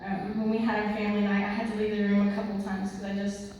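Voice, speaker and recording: A woman's voice: medium pitch, completely flat delivery, fast talker, darkish tone, a little hiss or hum. A woman of twenty giving a church testimony, earnest and rambling with many fillers, close to tears. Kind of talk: mission trip testimony. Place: large church sanctuary. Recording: echoey hall from far off.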